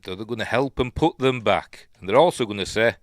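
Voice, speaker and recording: A man's voice: fairly low pitch, lively intonation, brisk, no room sound, studio quality. A man with a Yorkshire accent hosts a podcast and recaps a film in a loose, chatty way. He fills his talk with ums, corrects himself often and adds wry asides. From Yorkshire, England. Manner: rambling and chatty, with many ums and self-corrections; wry asides and soft chuckles. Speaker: podcast host reviewing a film. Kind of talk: casual film recap commentary.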